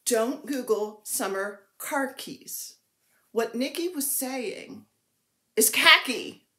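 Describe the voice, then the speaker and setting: A chatty woman with a pitch that swings up and down as she gushes, playful and easily thrilled. She talks at an unhurried pace. Her voice rings a little in an echoey room at home, with faint background noise. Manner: excitable, gushing, playful. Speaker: cross-stitch vlogger. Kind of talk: casual show-and-tell chat. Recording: roomy echo.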